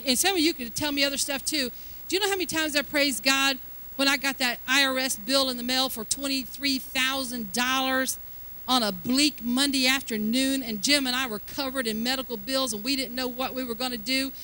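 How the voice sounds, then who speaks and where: An older woman preaching a sermon, building from chatty asides to fervent, loud exhortation. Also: high-pitched, low-quality recording. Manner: fervent, rising to loud exhortation, drawn-out emphasis.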